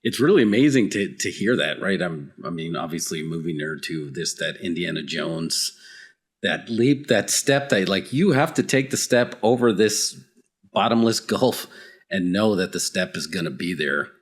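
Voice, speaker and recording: A man's voice: low-pitched, lively intonation, normal speed, breathy edge. A man hosting a podcast, reflecting casually on the guest's story and laughing along. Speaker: podcast host. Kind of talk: casual interview talk.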